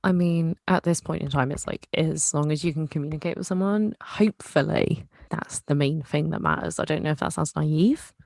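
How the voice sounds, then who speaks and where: A woman's voice: sits low, normal speed, creaky, few pauses, darkish tone, no room sound. A tipsy woman co-hosting a podcast, chatting enthusiastically and giggling. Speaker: podcast co-host. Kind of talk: casual chat.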